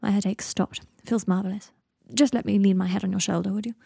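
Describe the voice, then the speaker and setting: A woman's voice: medium pitch, steady tone, fast, vocal fry, warm tone, slightly rough, dry recording. A woman voicing a weary young wizard who is dying, with dry, theatrical banter. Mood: tired.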